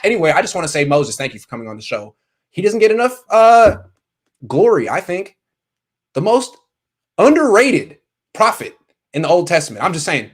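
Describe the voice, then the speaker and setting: A man's voice: high-pitched, sing-song, normal speed, pauses often, husky. A man hosting a casual call-in sports show, joking and rambling through long stories. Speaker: podcast host taking calls.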